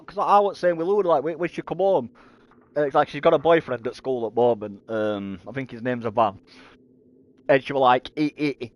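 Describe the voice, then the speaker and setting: A man in his thirties telling stories on a game stream, stumbling over repeated words and swearing casually. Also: a little high. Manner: rambling storyteller who stammers and repeats words; swears freely and laughs at his own stories. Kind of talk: casual chat while gaming.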